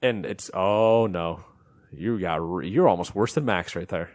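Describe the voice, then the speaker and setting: A man co-hosting a casual podcast chat, telling a story in an animated way and acting out what people said. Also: deep voice, unhurried, dry recording. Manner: animated storytelling, acts out quotes. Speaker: podcast co-host.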